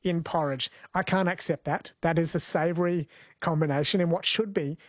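A man's voice: a little high, steady tone, moderate pace, dry recording, studio quality. A man hosting a radio show, chatting in a friendly way and laughing easily. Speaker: radio host. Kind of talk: casual radio chat. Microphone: studio mic.

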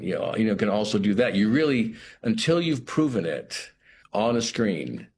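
Slow and reflective, this middle-aged man answers as an interview guest in a very low voice. His phrasing is halting, full of restarts and "you know" while he hunts for the right word, and a faint hum sits behind him.

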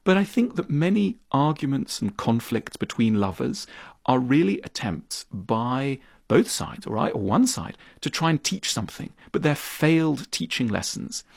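A man being interviewed as an author, explaining his ideas in conversation, animated and thoughtful, acting out little scenes as he goes. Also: normal speed, gravelly, no echo, clean studio sound. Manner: animated, acts out quoted voices with big pitch jumps; thoughtful, explanatory, repeats words when starting a point.

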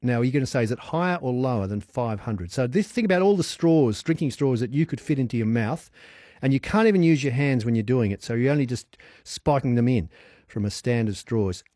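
A man's voice: mid-range voice, lively intonation, brisk, mellow, no room sound, clean studio sound. A man hosting a radio phone-in quiz, chatty and upbeat, laughing easily with callers. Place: radio studio.

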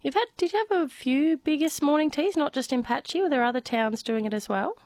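A woman hosting a casual radio chat, her voice husky and nasal from a cold, asking friendly questions. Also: high voice, brisk, a little mellow, no room sound. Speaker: radio host.

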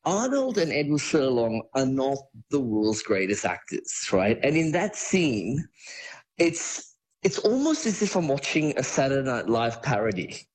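A man's voice: medium pitch, sing-song, a little slow, slightly rough, rough recording. A man discussing films on a radio show, enthusiastic and rambling with frequent restarts. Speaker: film commentator.

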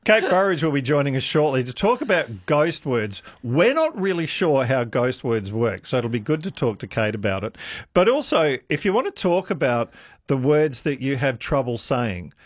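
A man's voice: medium pitch, big pitch swings, normal speed, no echo. A man hosts a radio talk show. He speaks in an upbeat, conversational way and reads out texts from listeners. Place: radio studio. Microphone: studio microphone.

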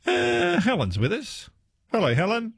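A man hosts a talkback radio phone-in from the studio. His voice is a little husky and swings lively up and down in pitch as he chats with callers and laughs along. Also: unhurried. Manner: lively, chatty, laughs easily. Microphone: studio microphone.

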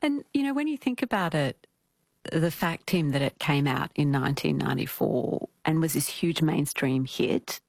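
A woman hosts an interview in a low, gravelly voice. She asks measured, thoughtful questions. The recording is close and dry. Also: expressive, a little mellow, no room sound. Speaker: radio interview host.

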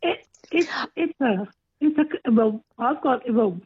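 A woman's voice: fairly high pitch, lively intonation, slow pace, husky. A woman phoning a radio show with a hesitant gardening question. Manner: hesitant, stumbling start. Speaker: caller. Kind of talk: phone-in question. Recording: tinny phone line.

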